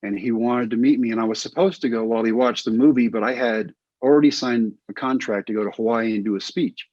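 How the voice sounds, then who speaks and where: Middle-aged texas guy spinning ball stories, bit raspy, dead dry room. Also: mid-range voice, fast, dry recording, highs cut off. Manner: animated, acts out quoted voices. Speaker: guest, former baseball pitcher. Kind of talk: casual storytelling interview.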